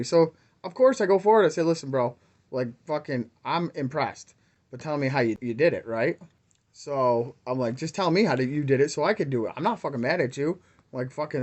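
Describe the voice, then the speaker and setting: A man's voice: mid-range voice, animated, brisk, a little mellow. A man hosting his own video, ranting in a rambling, heated way and swearing constantly. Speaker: crypto YouTuber. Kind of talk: profane ranting vlog.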